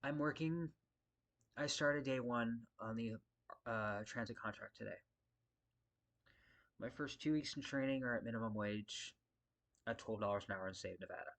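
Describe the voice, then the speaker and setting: A man's voice: medium pitch, normal speed, creaky, long pauses, a bit bright. A man who works as a security guard, venting in a casual vlog, frustrated and profane, rambling and circling back to his points. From Las Vegas area.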